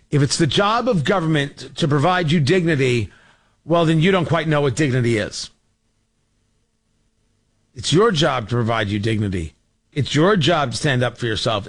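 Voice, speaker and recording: High-voiced radio guy ranting, sarcastic, pitch jumping everywhere. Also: a bit bright. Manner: fiery, sarcastic, impassioned. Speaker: talk radio host. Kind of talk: political commentary monologue.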